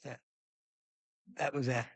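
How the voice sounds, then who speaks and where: A man in his fifties telling his story as a podcast guest, animated, acting out quoted voices with big jumps in pitch and swearing freely. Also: takes it slowly, husky, no room sound. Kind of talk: candid storytelling interview.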